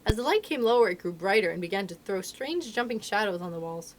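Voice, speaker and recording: Animated woman reading a children's book. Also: medium pitch, fast talker, a little hiss or hum. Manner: expressive, animated storytelling. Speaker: library storytime reader. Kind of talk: reading a children's novel aloud.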